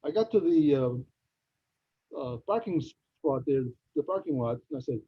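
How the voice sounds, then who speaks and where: A man co-hosting a podcast, telling casual anecdotes in an animated way with mock-indignant punchlines. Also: on the high side, a little slow, husky, dry recording. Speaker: podcast co-host. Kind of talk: casual storytelling chat. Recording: dull lo-fi sound.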